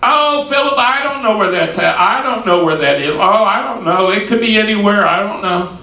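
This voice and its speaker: A flustered, fussy young wife, as a male preacher puts her on, pitched far up above his own high voice with a whiny, exasperated edge. She keeps brushing things off in her complaining tone. The sound is roomy and echoing, picked up from well away from the mic. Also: lively intonation, normal speed, pushed and bright, exaggerated voice. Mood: fretful. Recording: echoey room, distant mic.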